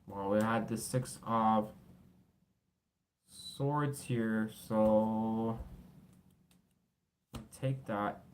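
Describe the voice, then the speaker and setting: A man's voice: on the low side, flat delivery, drawn-out words, pauses often, slight background noise. A man doing a casual tarot reading, blunt and swearing freely, tired, with his voice cracking. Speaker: tarot reader.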